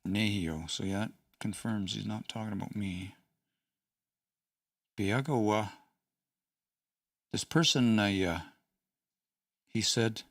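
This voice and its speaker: A man's voice: fairly low pitch, slow, long pauses, no echo, studio quality, recorded from a distance. A man hosting a casual study session, thinking aloud with hesitant restarts and small chuckles. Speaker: host studying a language.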